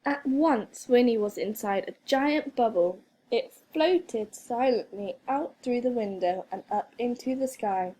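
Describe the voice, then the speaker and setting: A woman reading a children's storybook aloud as a teacher, expressive and playful with sound effects. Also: fairly high pitch, a little slow, few pauses.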